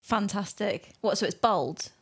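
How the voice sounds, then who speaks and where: A woman's voice: mid-range voice, unhurried, husky. A woman chatting as a podcast guest, playful and silly, often giggling. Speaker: podcast guest, host's fiancée. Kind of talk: casual chat.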